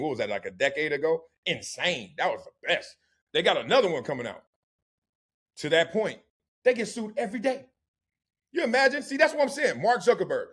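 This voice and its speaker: A man hosting a sports talk podcast, telling animated stories, acting out voices and laughing often. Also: sits high. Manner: storytelling, mimics others' voices, laughs often. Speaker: host.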